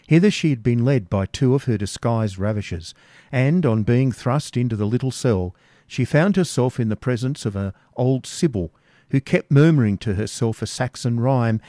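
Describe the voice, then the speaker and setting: A man reading a novel aloud as narrator in a steady, measured way. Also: medium pitch, no room sound, clean studio sound. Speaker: audiobook narrator. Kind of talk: scripted narration.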